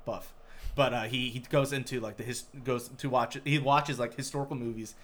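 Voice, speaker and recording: Rambling, swearing podcast co-host. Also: male voice, mid-range voice, steady tone, normal speed, fairly bright tone. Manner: rambling, swears often, many restarts. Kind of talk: casual chat.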